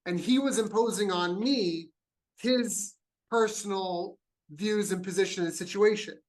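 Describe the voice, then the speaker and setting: A man's voice: high voice, unhurried, poor audio. A man from Canada hosting a podcast, asking questions and rambling into side anecdotes with frequent restarts. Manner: rambling, tells anecdotes, self-interrupting. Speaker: podcast host. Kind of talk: conversational podcast interview.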